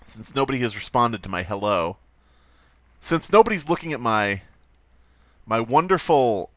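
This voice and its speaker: A man's voice: on the low side, pushed and bright, dry recording. Rambling, foul-mouthed let's-play guy. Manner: rambling, profane, wry. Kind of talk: casual gameplay commentary.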